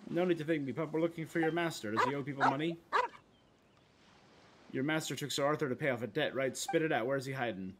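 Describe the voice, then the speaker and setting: A man's voice: medium pitch, fast, background noise. Man voicing game dialogue aloud. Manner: puts on character voices, playful asides. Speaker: streamer. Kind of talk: reading game dialogue aloud while playing. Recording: game music faintly behind.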